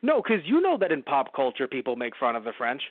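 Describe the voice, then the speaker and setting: A man's voice: mid-range voice, huge pitch swings, quick pace, dry recording. Sarcastic, rambling man on a tinny line. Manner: rambling, sarcastic, swears freely. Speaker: podcast co-host. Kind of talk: casual movie review chat.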